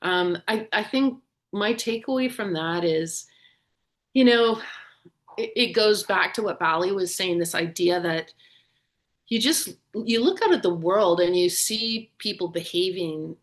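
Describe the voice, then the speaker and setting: A woman co-hosting a group discussion over a video call. She speaks with passion, her pitch jumping up on stressed words before settling into softer, lower phrases. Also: a little slow.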